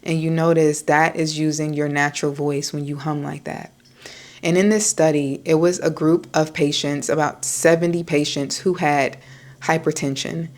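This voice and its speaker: A woman vlogger speaking in a low, soothing voice, slow and deliberate, pausing between her sentences. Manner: slow, soft, deliberate speech with pauses. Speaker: wellness vlogger. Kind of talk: calm talking-head vlog.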